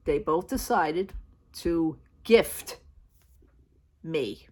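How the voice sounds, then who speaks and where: A woman's voice: low-pitched, expressive, drawn-out words, warm tone. Chatty, blunt woman vlogger telling a story. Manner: chatty, retells conversations with constant "she says"; blunt, down-to-earth. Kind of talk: casual storytelling vlog.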